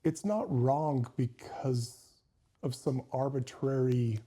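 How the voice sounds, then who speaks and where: A man thinks aloud in a casual talk, building his ideas step by step with searching phrasing. His voice is deeply mellow and dark, with a husky, breathy grain. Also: steady tone, slow pace. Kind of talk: casual reflective conversation.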